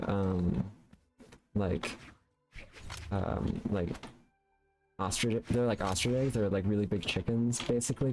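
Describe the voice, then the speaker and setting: A man's voice: lowish voice, rough recording. Rambling man streaming a game. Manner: rambling, playful, filler-heavy. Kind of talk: casual gaming commentary. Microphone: studio condenser mic.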